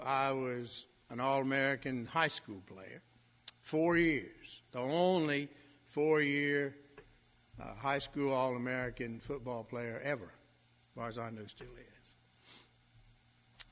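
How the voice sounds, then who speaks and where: A male preacher telling a folksy story in his sermon, with animated swells in volume. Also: mid-range voice, slow, pauses often. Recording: long hall reverb.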